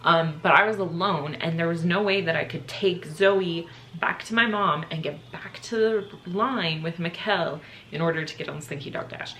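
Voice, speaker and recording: A young woman vlogger telling a storytime, her voice sitting a little low. She is openly emotional, choking up and laughing through tears as she talks. A faint background hiss sits under the recording. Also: normal speed, few pauses, a bit bright. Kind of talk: casual storytime.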